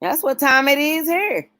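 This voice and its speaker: A woman hosting a casual late-night livestream, talking warmly and emotionally with her viewers. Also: sits high, sing-song, a little slow, dry recording. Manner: emotional, folksy, talks straight to chat.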